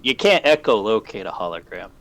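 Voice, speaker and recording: A man's voice: lowish voice, big pitch swings, brisk, fairly bright tone. A man running a tabletop role-playing game, plainly explaining rules and what the players see.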